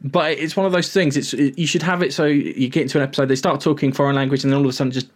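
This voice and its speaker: Animated, swearing man recapping TV. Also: on the high side, rapid-fire. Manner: rambling, swears freely, animated retelling. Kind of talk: casual TV recap chat.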